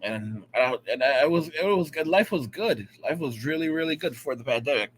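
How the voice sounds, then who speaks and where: A man's voice: fairly high pitch, expressive, brisk, slight background noise. Profane, rambling man ranting to viewers. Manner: profane, rambling, repetitive and emphatic; addresses viewers directly, often asking "all right?". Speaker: vlogger. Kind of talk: casual rant to camera.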